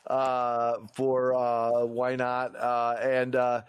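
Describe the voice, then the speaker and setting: A man's voice: mid-range voice, monotone, clean tone. A man hosting an improv game, chatty and encouraging, with lots of fillers. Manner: chatty, quick with thanks, many fillers. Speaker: host.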